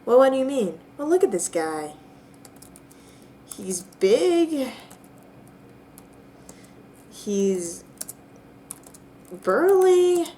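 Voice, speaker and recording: A young woman narrating a text adventure game with bemused, drawn-out comic disbelief. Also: high-pitched, big pitch swings, mellow, a little hiss or hum. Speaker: player and narrator.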